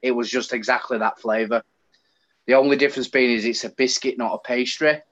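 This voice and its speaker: A man's voice: medium pitch, fairly even intonation, a little fast, a bit bright. Man chatting on a call. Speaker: guest on a live stream. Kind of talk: casual chat on a call. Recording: slightly dull lo-fi call audio.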